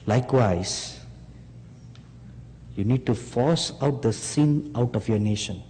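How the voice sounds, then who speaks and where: A man preaching a sermon, speaking slowly and emphatically and rising on rhetorical questions to his listeners. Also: medium pitch, mellow, slight background noise. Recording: long hall reverb.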